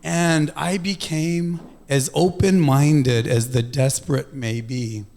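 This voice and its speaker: A man hosts a gathering and tells a personal story to introduce the next speaker. His voice sits a little high, and he acts out his own thoughts in sudden leaps up in pitch. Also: fairly even intonation, takes it slowly, vocal fry, darkish tone. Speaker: event host introducing a speaker.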